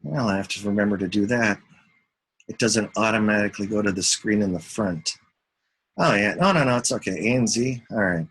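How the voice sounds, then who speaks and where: A man's voice: on the low side, fairly quick, a bit bright, breathy edge. A man giving a casual, rambling live commentary on currency charts, chatting with viewers and talking to himself as he goes. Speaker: market commentator.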